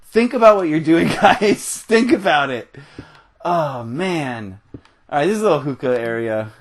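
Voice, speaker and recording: A man's voice: on the high side, animated, measured pace. A young American man hosting a gaming video, ranting in a heated, rambling way while he plays, often laughing. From United States. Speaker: gaming channel host. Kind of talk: ranting commentary over gameplay.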